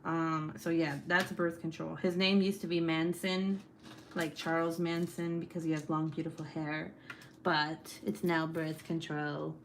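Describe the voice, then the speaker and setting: A woman's voice: deep voice, flat delivery, a little slow, slight background noise. A young adult woman hosting a casual livestream from home, chatting while reading comments, laughing often and swearing freely. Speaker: livestream host. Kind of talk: casual live-stream chat reading comments.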